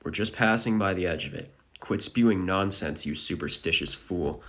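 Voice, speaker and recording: A man's voice: deep voice, moderate pace, fairly bright tone. A man voicing a callous, impatient male ship captain in a manga recap. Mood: dismissive.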